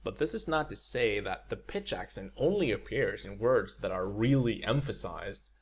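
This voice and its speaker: Swedish guy teaching a language lesson, low husky voice, upbeat and reassuring. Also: animated, moderate pace. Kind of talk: video lecture.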